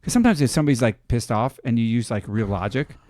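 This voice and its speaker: A man co-hosting a podcast, jumping in eagerly and stammering through quick restarts. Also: mid-range voice, lively intonation, darkish tone, dry recording. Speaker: podcast co-host. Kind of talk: casual chat.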